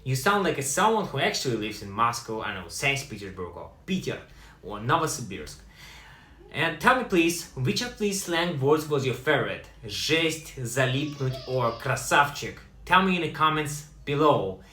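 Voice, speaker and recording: A man teaching language in a lively way, slowing down to pronounce example words. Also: mid-range voice, roomy sound. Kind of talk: online language lesson.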